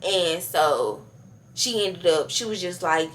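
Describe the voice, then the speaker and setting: A woman's voice: fairly low pitch, animated, takes it slowly, a bit bright, a little hiss or hum. A young woman vlogger telling a casual storytime, chatty and slangy, talking straight to her viewers with many fillers.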